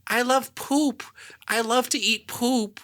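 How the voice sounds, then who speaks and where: Brief: whiny high-pitched cartoon dad, done by a man in a podcast chat, bright and silly. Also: fairly even intonation, takes it slowly, heavily acted. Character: whiny male cartoon dad obsessed with poop.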